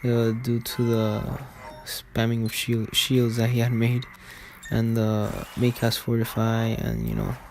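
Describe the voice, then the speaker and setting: A man's voice: medium pitch, level tone, slow, creaky, darkish tone, a little hiss or hum. A man giving casual, rambling commentary over a game video, full of fillers and restarts.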